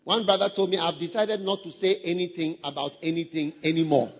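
A pastor preaching a sermon, breaking into high shouted mimicry of people he describes. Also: fairly even intonation, a little fast, in a large hall, highs cut off. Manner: acts out quoted voices, shouting high mimicry.

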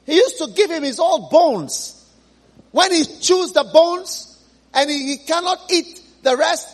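Animated high-voiced preacher telling a story. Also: male voice. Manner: storytelling, dramatic exclamations. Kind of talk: sermon. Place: church.

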